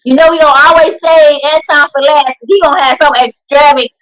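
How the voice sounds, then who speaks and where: A woman hosting a podcast, moderating casual chat in a blunt, expressive way. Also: sits high, brisk, poor audio. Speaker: podcast host.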